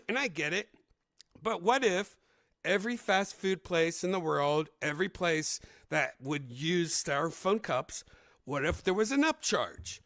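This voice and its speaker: A middle-aged man hosting a casual comedy podcast, rambling and crude in an animated way. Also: a little high, unhurried, dry recording, clean studio sound. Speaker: podcast host.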